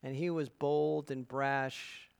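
A man's voice: medium pitch, little pitch movement, slow, gravelly, smooth. A man preaching a sermon as pastor. He speaks earnestly and emphatically and tells stories to his congregation. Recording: long hall reverb.

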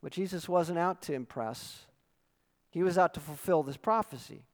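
Male pastor, sermon delivery, earnest teacher who swells into emphatic calls, voice a bit high, long church reverb. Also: moderate pace.

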